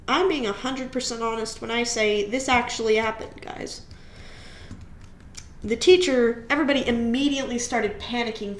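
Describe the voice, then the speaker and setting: A woman hosts a relaxed storytime with a slightly high voice, chatty and prone to restarting her sentences. The room gives her voice a noticeable echo. A faint hiss sits underneath. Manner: chatty, rambling storyteller with self-corrections. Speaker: channel host. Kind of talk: casual storytime while coloring.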